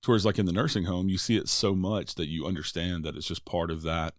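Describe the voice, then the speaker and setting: Deep-voiced man in relaxed podcast chat. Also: quick pace, dry recording, studio quality. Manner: relaxed, chatty, with many "like"s and "uh"s. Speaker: podcast host. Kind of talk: casual podcast conversation.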